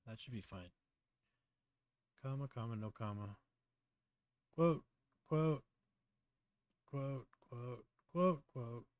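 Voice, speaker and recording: A man's voice: medium pitch, darkish tone, dry recording, highs cut off. A man hosting a casual live tutorial, muttering to himself as he works and chatting through explanations with fillers. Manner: muttering to himself while working, trailing off. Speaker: host.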